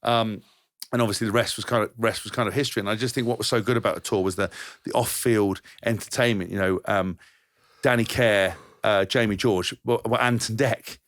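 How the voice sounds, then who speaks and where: A lower-voiced man tells rugby-tour stories at a quick clip, swearing and restarting as he goes. The recording is dry and close, with no room sound. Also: fairly even intonation, fairly bright tone, dry recording. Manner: rambling anecdotes, swears freely, frequent restarts. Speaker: podcast co-host, former rugby player. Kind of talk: casual storytelling chat.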